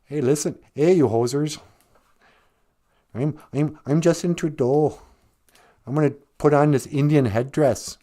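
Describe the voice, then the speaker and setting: A man's voice: on the high side, unhurried, pauses often, warm tone, voice pushed up, lightly acted. A man doing a mocking impression of a male politician with a Canadian accent, sing-song and over-apologetic.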